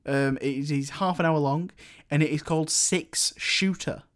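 A young man co-hosting a casual film podcast, talking in a rambling, halting way full of fillers. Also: fairly high pitch, steady tone, a bit bright. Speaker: podcast co-host.

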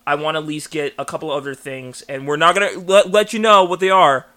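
A man co-hosting a casual fan podcast, excitable and quick to laugh, often restarting his sentences. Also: fairly high pitch. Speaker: podcast co-host. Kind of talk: casual chat.

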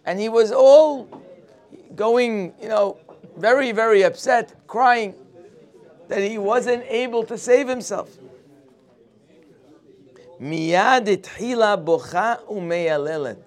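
A man's voice: sits high, slow pace, pauses often. A man teaching a morning Torah class, telling the story expressively and mixing Hebrew quotes with English. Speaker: religious teacher.

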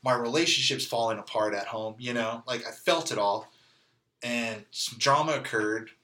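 A man's voice: mid-range voice, moderate pace, sharp tone. A man from California telling his story as an interview guest, candid and conversational, peppered with "like" and "you know.". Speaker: interview guest sharing testimony. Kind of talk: casual storytelling.

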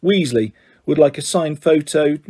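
Man reading as arrogant schoolboy bully; scathing, sneering, mellow and husky. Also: a little high, unhurried.

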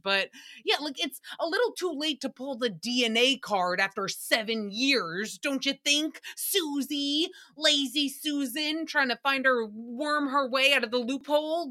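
A woman's voice: sits high, unhurried, pushed and bright. A woman in her thirties hosting a solo recap podcast, sarcastic, profane and rambling. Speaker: podcast host.

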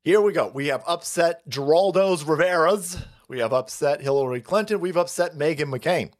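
A man hosting a livestream, ranting about politics in a profane, animated way with frequent laughter. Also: fairly high pitch, moderate pace. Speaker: livestream host.

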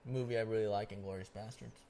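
A young man co-hosting a podcast in casual chat, retelling movie scenes with lively acted-out lines. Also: lowish voice, quick pace. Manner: animated storyteller who acts out movie lines. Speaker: podcast co-host.

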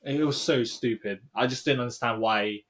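A man's voice: mid-range voice, normal speed. Young dude rambling about his trip on a podcast, lots of ums, trails off. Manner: rambling storyteller, trailing off quietly, many fillers. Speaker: podcast co-host. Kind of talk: casual chat.

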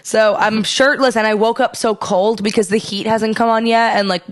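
A woman's voice: on the high side, fairly even intonation, normal speed. A young adult woman co-hosting a casual chat, telling a long rambling story and laughing often between her lines.

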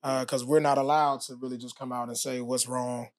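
A man, a former pro athlete, telling his story as a podcast guest in a relaxed, casual way with many fillers. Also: medium pitch, a little fast, no room sound, studio quality. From United States. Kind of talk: casual interview talk.

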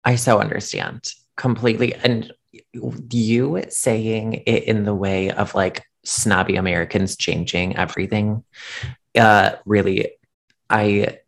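Co-host, mid-pitched, loose rambling self-mocking chat. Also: steady tone, slow pace, creaky. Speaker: podcast co-host. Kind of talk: casual chat.

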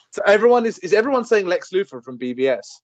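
A man hosting a casual podcast quiz, reading out questions, with playful laughs and quick asides. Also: high-pitched, big pitch swings, no room sound, muffled recording. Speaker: podcast host, quizmaster.

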